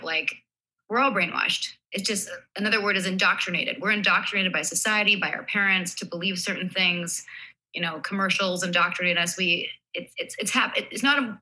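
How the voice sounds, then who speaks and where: A woman's voice: mid-range voice, sharp tone, poor audio. A woman guest in a casual conversation, explaining her view thoughtfully and at length.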